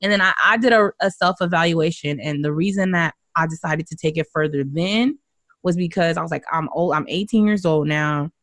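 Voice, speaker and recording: A woman's voice: sits low, fairly quick, no echo, clean studio sound. A young woman casually telling a story, acting out the quoted lines as she goes. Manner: animated storyteller who acts out quotes with laughs. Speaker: guest's wife on a podcast.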